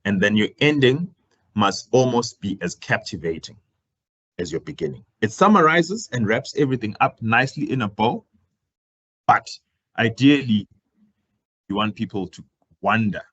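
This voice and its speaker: A man gives a career talk on public speaking, projecting loudly and swinging his voice up and down to demonstrate. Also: very animated, normal speed, pauses often, breathy edge, lo-fi sound. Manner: projecting louder than usual, swinging his pitch and volume up and down to demonstrate. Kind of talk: live workshop presentation.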